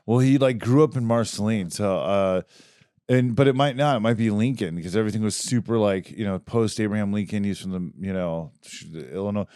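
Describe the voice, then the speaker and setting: A man's voice: lowish voice, fairly quick, dark tone, clean tone, dry recording, clean studio sound. A man co-hosting a comedy podcast, laid-back and riffing as he thinks through quiz answers. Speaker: podcast co-host, quiz contestant. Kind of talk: casual comedy chat.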